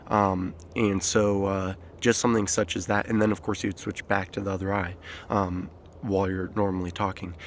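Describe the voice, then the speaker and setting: A man with a lowish voice delivers an unscripted self-help lesson out in nature, holding his phone to record it. He talks loosely, full of fillers and restarts, with a bit of background noise.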